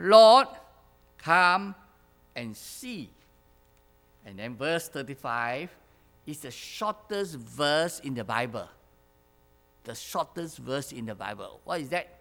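A male preacher delivers a sermon at an unhurried pace with a lively, rising and falling pitch. He keeps asking the congregation questions, repeats key phrases and chuckles between points. A long reverb from the church hall trails every word.

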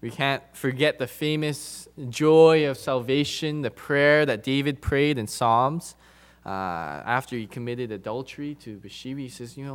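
Unhurried and smooth at medium pitch, a man preaches to his congregation. His delivery is emphatic, leaning on repeated phrases and shifting between loud and soft passages.

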